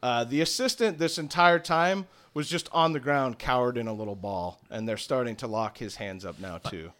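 A man's voice: medium pitch, moderate pace, fairly bright tone. A young man narrating a tabletop game as game master in a casual, laughing way. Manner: casual, fillers, laughs often.

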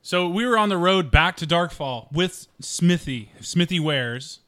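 A man at a tabletop game recounts the story casually, stumbling now and then. His voice is bright and sharp and sits slightly high. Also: animated, unhurried. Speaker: player.

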